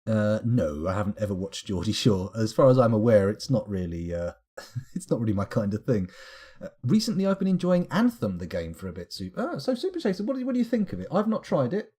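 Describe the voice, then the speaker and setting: A low, slightly husky man talking his way through a live game stream. His pitch swings around a lot as he mutters at the menus and drifts into chat replies. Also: sing-song, fairly quick, mellow. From United Kingdom. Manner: mutters to himself while clicking through menus, answers chat. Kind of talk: live gameplay commentary.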